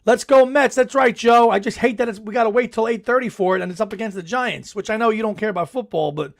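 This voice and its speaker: A man's voice: high voice, quick pace, gravelly. A middle-aged man hosting a live podcast chat, reading viewer comments in a chatty, enthusiastic way and laughing often. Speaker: podcast host.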